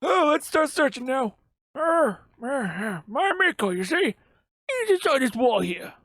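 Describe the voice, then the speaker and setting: A man voicing a grumbling old man who waits in a cafe, with a gruff, impatient manner. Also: extremely high pitch, sing-song, measured pace, fairly bright tone, dry recording, pitched above the performer's own voice, heavily acted. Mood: muttering.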